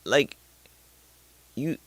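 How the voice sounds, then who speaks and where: A man's voice: drawn-out words, no echo. A man talking in a casual, unscripted monologue, rambling and thinking aloud with many fillers and restarts, now and then swearing in passing. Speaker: vlogger.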